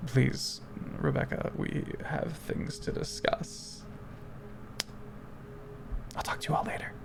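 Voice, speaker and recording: Man playing a tiny, bubbly fairy lady, high and loud, a bit of rasp. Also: animated, unhurried, noisy background. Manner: cheerful, flirty, sun-loving.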